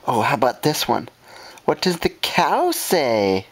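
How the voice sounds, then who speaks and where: A woman's voice: very deep voice, sing-song, unhurried, slightly rough. A young woman, a parent at home, chatting playfully with her toddler in a sing-song, coaxing way, laughing often, filmed on a home video camera.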